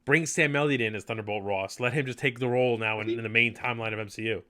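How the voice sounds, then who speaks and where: Male podcast host, casual and enthusiastic, middle pitch, loose rambling delivery. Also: fairly even intonation, fast, pushed and bright. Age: adult. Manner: chatty, enthusiastic, rambling with fillers. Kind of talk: casual live podcast chat.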